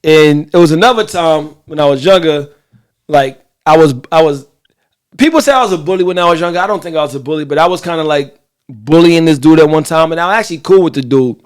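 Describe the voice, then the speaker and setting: A man co-hosting a casual talk show, telling stories in a loose, profane, animated way and asking listeners what they think. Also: fairly high pitch, fast. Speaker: podcast co-host.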